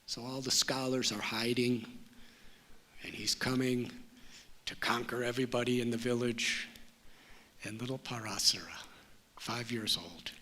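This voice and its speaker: Slow, measured male spiritual teacher. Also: mid-range voice, fairly even intonation, bright, forceful tone. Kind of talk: storytelling talk.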